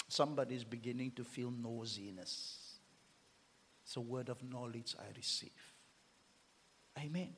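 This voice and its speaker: A man preaches a fiery sermon with a high, wildly swinging voice. His tone is gravelly and husky, and he drops from shouts to whispers. A long hall reverb trails every phrase. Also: expressive, a little slow. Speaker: pastor.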